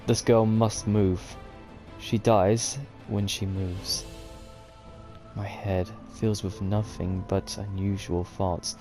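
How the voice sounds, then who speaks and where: Slow, low-voiced man reading game text. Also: little pitch movement, warm tone, soft background music. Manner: slow, measured reading of game text with occasional sworn reactions. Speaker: gaming video host. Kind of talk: reading a visual novel aloud.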